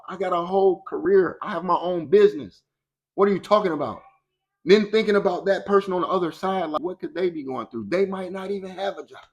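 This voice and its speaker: A man's voice: sits high, fairly quick, muffled recording. Man giving a colloquial motivational talk. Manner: colloquial and preachy, acts out quoted voices. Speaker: motivational speaker.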